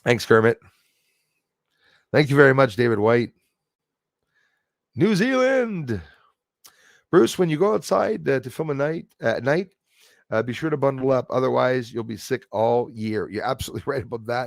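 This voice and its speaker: This livestream host from Canada speaks in an expressive, gravelly mid-range voice at a normal speed, leaving long pauses. He chats casually, reads out comments and thanks viewers by name, all in clean studio audio with no room sound.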